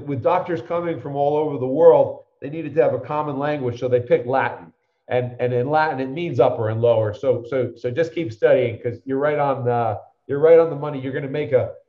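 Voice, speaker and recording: A man's voice: medium pitch, brisk, roomy sound, narrow, tinny audio. A man in his fifties telling long anecdotes in conversation, acting out the people he quotes. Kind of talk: conversational storytelling.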